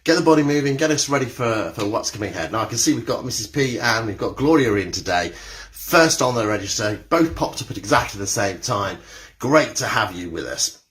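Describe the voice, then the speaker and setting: A man's voice: fairly low pitch, expressive, brisk, a bit bright. A man, leading a live-streamed exercise class indoors and greeting viewers by name in a chatty way. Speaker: exercise instructor. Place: indoor room with carpeted floor.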